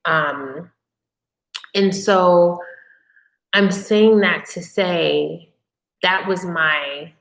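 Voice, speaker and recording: Lower-voiced woman telling a personal story. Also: drawn-out words, gravelly, pauses often, a bit bright, roomy sound. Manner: candid, emotional personal storytelling; conversational, with frequent fillers and restarts. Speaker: live-stream host. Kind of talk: casual live-stream Q&A.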